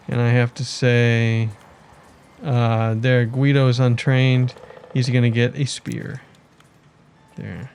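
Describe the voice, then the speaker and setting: A man's voice: medium pitch, darkish tone, a little hiss or hum. A man giving casual commentary on his city-building game, thinking aloud and chatting to his villagers as he plays. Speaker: let's play gamer.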